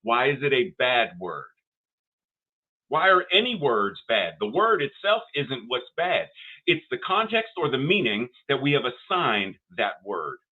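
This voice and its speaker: A man's voice: medium pitch, very animated, a little slow. An older man delivering a sermon as minister, building rhythmic, repetitive phrases to rising emphasis. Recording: phone-like narrow band audio.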